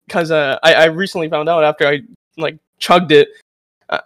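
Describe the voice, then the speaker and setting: A man's voice: on the high side, fairly even intonation, brisk, fairly bright tone, no echo. A man telling a rambling story in casual podcast chat, full of restarts.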